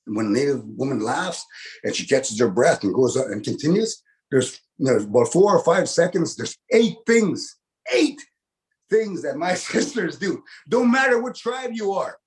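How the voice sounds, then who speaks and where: A middle-aged man doing stand-up comedy, folksy and animated, who tags his lines with "eh?" and acts out big laughs. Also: medium pitch, measured pace. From Canada.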